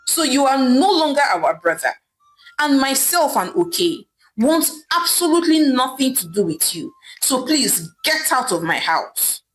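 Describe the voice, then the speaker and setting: A woman's voice: sits high, big pitch swings, unhurried, faint music behind, low-quality recording. Woman voicing a stern scornful younger brother. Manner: stern and scolding.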